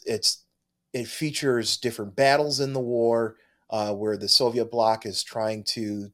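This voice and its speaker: A man's voice: fairly low pitch, fairly bright tone. A man co-hosting a comic book show, talking eagerly in casual chat with frequent restarts. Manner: enthusiastic, halting, full of restarts. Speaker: comic book podcast co-host.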